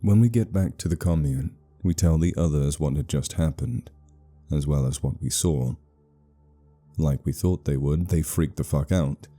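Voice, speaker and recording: A man with a very low, deep voice narrates a horror story. His tone is extremely dark and mellow, and his telling is steady and measured. Faint music plays underneath.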